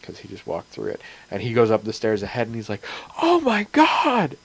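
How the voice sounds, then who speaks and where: Man, podcast host, game master, casual chat, gravelly, rambling. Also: lowish voice, fairly even intonation, quick pace, darkish tone, no echo, low-quality recording. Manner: rambling, chatty, frequent fillers.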